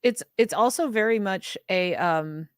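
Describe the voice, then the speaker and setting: A woman's voice: mid-range voice, animated, unhurried, clean tone, no room sound, clean studio sound. A woman co-hosting a podcast, speaking in a hesitant, thoughtful way in a casual chat. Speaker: podcast co-host.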